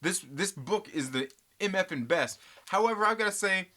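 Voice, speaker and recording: A man's voice: high-pitched, animated, normal speed, pushed and bright. A man hosting a comic book channel, chatting casually and rambling, joking and teasing and addressing viewers as guys. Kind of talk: casual rambling vlog chat.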